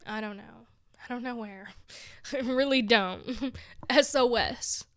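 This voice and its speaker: Speaking slowly in a fairly high voice, this big-city podcast host is a young woman wandering through a laid-back solo ramble. Tired and low, at moments nearly crying, she keeps poking fun at herself with frequent laughter. The studio-quality recording is dry.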